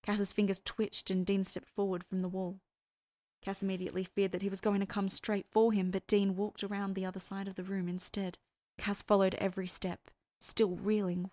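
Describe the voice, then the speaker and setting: A woman reading a fan fiction story aloud in measured storytelling, voicing the characters herself. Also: mid-range voice, a little mellow, dry recording. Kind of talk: audiobook-style story narration.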